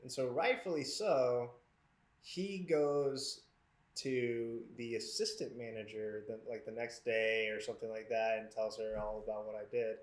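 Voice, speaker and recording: A man co-hosting a casual chat podcast, telling a story in an animated way, laughing and mimicking the people in it. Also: medium pitch, measured pace. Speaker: podcast co-host. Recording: echoey room.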